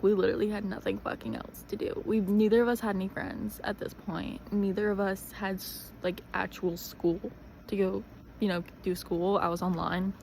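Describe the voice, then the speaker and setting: A woman's voice: mid-range voice, creaky, darkish tone, slight background noise, rough recording. A young woman telling a story in a chatty, dramatic way, full of fillers. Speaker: vlogger. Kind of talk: casual storytelling.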